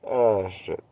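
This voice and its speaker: Young male streamer, lowish voice, dry sarcastic ramble with swearing, thin phone-line sound. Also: no room sound. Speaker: live streamer. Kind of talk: rambling solo live stream. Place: inside a van.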